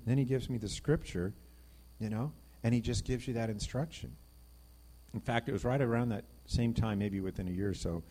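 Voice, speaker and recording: Animated low-voiced man teaching scripture. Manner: conversational, reads scripture aloud, animated emphasis. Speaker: Bible teacher. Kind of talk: informal sermon.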